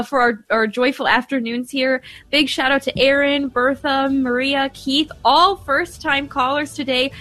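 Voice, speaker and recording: Bright-voiced woman hosting talk radio. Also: high-pitched, no room sound. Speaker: radio show host.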